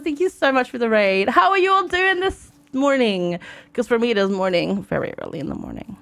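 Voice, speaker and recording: A woman's voice: a little high, expressive, a little fast, creaky, fairly bright tone. A woman from Germany streaming a game live, chatting casually and greeting viewers by name into a desk microphone.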